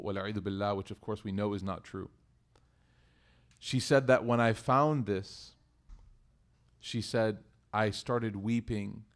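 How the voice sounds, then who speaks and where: A man telling a religious story to a congregation, animated, swinging between loud emphasis and hushed asides. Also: lowish voice. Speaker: community religious speaker.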